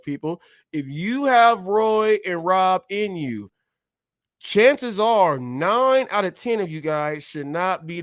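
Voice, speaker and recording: A man's voice: a little high, clear, resonant tone, no echo, studio quality. A man hosting a casual live stream, talking to his viewers in a preachy way and calling them "people" again and again. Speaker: show host.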